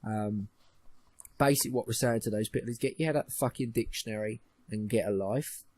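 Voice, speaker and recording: A man's voice: fairly low pitch, a little fast, darkish tone. A young man co-hosting a podcast, ranting and mocking in casual chat, swearing often. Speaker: podcast co-host.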